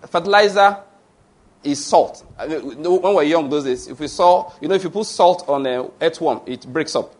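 Male preacher, slightly high voice, emphatic and digressive. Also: moderate pace. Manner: emphatic, asks the congregation questions and answers them; digressive, with restarts and fillers. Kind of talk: sermon.

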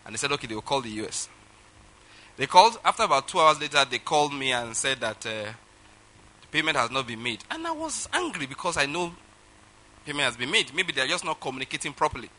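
A man with a Nigerian English accent preaching a sermon, telling a personal story with sudden swings between loud and soft delivery. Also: mid-range voice, big pitch swings, quick pace. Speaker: pastor.

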